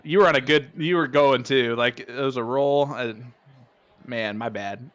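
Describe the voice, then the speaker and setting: A man with a Hoosier accent doing live darts commentary, chatty and excitable, laughing often. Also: mid-range voice, normal speed. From Indiana.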